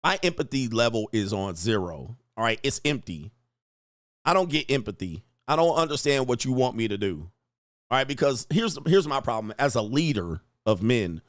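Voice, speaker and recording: Loud and foul-mouthed, this man reacts to his chat as an online talk show host, laughing through brash rants in a casual live stream. He speaks at a moderate pace in a medium pitch with big swings, recorded in studio quality with no echo.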